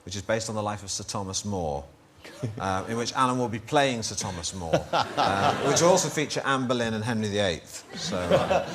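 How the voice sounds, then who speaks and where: A man with a Northern English accent, a comedian guest on a chat show, giving halting, stop-start answers. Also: fairly low pitch, expressive, background noise. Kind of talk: casual chat-show conversation. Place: TV studio.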